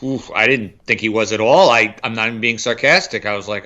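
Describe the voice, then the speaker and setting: A man co-hosting a film review podcast, talking casually and halting now and then to restart a thought. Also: fairly low pitch, sharp tone, muffled recording. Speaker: podcast co-host.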